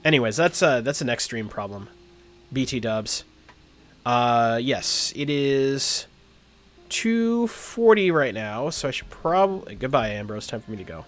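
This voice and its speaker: A man's voice: mid-range voice, animated, unhurried, a bit bright. A man streaming a game live, reading its text aloud and chatting about his choices.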